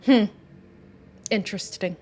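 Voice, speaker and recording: A woman hosting a casual reality TV recap, talking in a sassy, conversational way with quick asides. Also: darkish tone. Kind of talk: casual review monologue.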